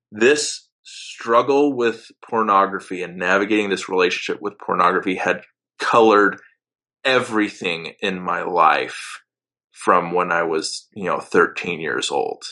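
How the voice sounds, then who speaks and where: Earnest man with a bright, slow voice. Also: low voice. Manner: earnest, halting with restarts, rising intensity when angry. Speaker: storyteller sharing a personal religious experience. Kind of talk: personal testimony.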